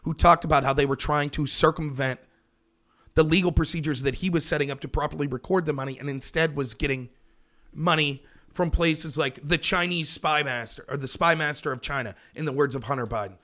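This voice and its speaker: A man hosting a political livestream, talking in a sarcastic, animated way and mocking his opponents. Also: fairly high pitch, fairly quick. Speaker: host of a political talk show.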